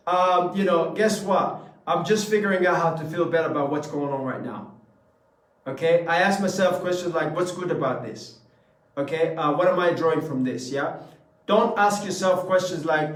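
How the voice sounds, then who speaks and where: A man's voice: high-pitched, normal speed. A man giving a motivational talk to a live audience. He is emphatic, repeats phrases and keeps asking the listeners questions. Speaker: motivational speaker. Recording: echoey room from a distance.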